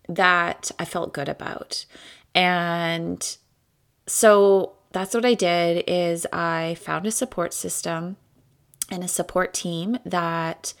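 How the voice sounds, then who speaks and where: A woman's voice: on the low side, a bit bright. A woman hosting her own podcast in a casual, candid and chatty way, swearing freely and laughing often. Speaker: podcast host. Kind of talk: casual solo podcast talk.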